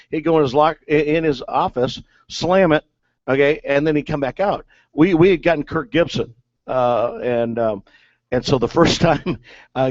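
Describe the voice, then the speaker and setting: A man's voice: fairly high pitch, no echo. A man, a former ballplayer, telling stories in a casual, rambling way, filling gaps with "uh" and "okay". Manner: rambling, filler-heavy with many "okay"s. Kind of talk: casual storytelling. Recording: dull lo-fi sound.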